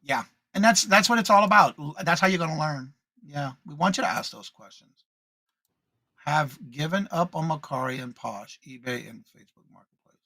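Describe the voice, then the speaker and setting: A man's voice: fairly high pitch, animated, moderate pace, sharp tone, dry recording. A man co-hosting a morning live stream, chatting casually, reading out viewer comments and greeting each viewer by name with the same welcome.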